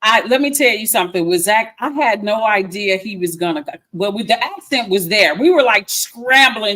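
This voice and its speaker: A woman's voice: on the high side, expressive, fairly quick, hardly any pauses, sharp tone. A woman, chatting effusively as a filmmaker guest and repeating herself for emphasis. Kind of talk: casual interview chat.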